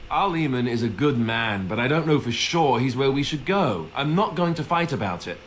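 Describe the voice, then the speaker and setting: A man's voice: medium pitch, big pitch swings, moderate pace, slight background noise, natural voice, rough recording. Alistair, earnest young warrior, as a man voices him. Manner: earnest, self-deprecating.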